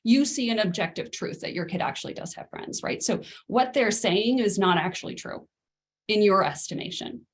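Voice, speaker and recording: A middle-aged woman coaching parents in a relaxed masterclass on a video call, talking through ideas with lots of fillers and "right?" asides. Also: mid-range voice, normal speed, a little hiss or hum. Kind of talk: casual teaching on a video call.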